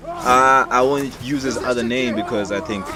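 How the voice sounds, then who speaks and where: A man telling a personal childhood story in a casual, lively way, acting out voices as he goes. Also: medium pitch, normal speed. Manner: lively, acts out voices in his anecdotes. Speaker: storyteller, animator. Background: background music.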